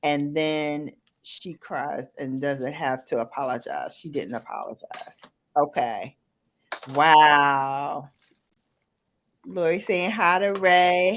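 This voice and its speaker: A woman hosting a casual chat while doing her makeup, talking about a TV show in a chatty, animated way. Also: deep voice, slow. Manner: chatty, animated, recounting shows. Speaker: host.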